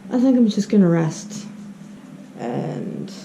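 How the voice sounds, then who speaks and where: A woman's voice: medium pitch, sing-song, slow, gravelly, warm tone, slight background noise. Candid rambling woman vlogging. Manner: candid, rambling, laughs between thoughts. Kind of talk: casual vlog chat. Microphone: handheld camera.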